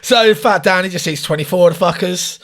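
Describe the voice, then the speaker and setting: A man's voice: high voice, quick pace, a bit bright. A man, co-hosting a casual podcast with crude, jokey banter. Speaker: podcast co-host.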